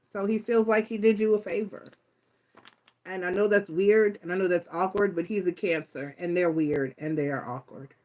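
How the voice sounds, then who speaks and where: A woman giving a casual live tarot reading, blunt and profane, rambling through stories as she talks. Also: mid-range voice. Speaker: tarot reader.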